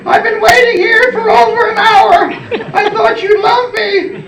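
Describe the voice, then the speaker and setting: An older man putting on the high, crying voice of a jilted wife leaving a phone message. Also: flat delivery, measured pace, roomy sound, far from the mic, a crowd in the background, low-quality recording. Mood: tearful. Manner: high falsetto sobbing. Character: weepy middle-aged wife on an answering machine.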